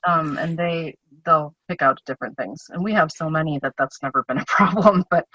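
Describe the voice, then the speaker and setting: A woman's voice: sits low, fairly quick, hardly any pauses, a bit bright, slightly rough, no echo. A woman talking as a podcast guest about reading with her children, chatty and laughing between her points. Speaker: guest, homeschooling mother. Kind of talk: casual podcast chat. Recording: dull lo-fi podcast audio.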